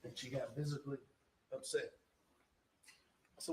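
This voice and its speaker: A man's voice: mid-range voice, moderate pace, a little hiss or hum, rough recording. A man giving a closing argument as a prosecutor in a courtroom, emphatic and full of rhetorical questions that drive home each point.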